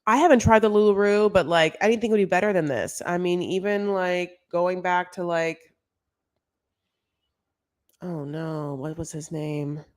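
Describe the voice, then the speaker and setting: A woman's voice: on the low side, measured pace, no room sound. A woman casually recapping a reality show, gossipy and full of filler words, calling listeners honey. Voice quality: gravelly vocal fry.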